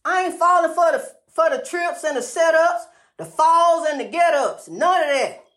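A woman's voice: very high-pitched, moderate pace, a bit bright, reverberant. A woman giving a preachy, sing-song motivational monologue, calling the listener honey and repeating rhyming phrases.

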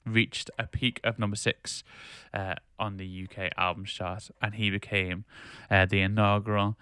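A man's voice: lowish voice, flat delivery, moderate pace, sharp tone, clean tone, dry recording, clean studio sound. A man co-hosting a casual podcast, ranting with strong opinions and laughing easily. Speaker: podcast co-host.

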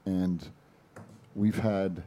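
A man's voice: deep voice, fairly even intonation, extremely slow, dark tone. An older man on a wrestling chat podcast, talking in a blunt, folksy, emphatic way. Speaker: panelist nicknamed Chief.

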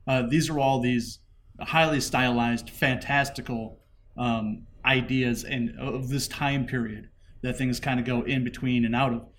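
A man's voice: mid-range voice, steady tone, unhurried, a bit bright, a little hiss or hum. A man co-hosting a casual podcast, explaining things thoughtfully with some restarts. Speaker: podcast co-host.

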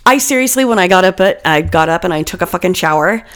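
A woman co-hosting a loose, comedic podcast. She talks in an animated, profane way, laughing and stumbling as she reads from her notes into a desk mic. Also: on the low side, fast talker. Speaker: podcast co-host. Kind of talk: casual comedic podcast chat, reading notes.

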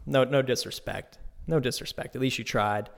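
A man's voice: medium pitch, moderate pace, gravelly. Man, casual podcast host, cursing, laid-back storytelling, echoey empty room. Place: new unfurnished home studio.

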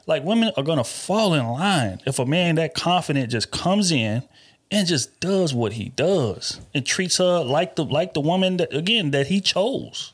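A man's voice: fairly high pitch, lively intonation, normal speed, slightly rough. A man hosting a podcast, talking about dating in an emphatic, profane, casual way. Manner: emphatic, profane, talks over others. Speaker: podcast host.

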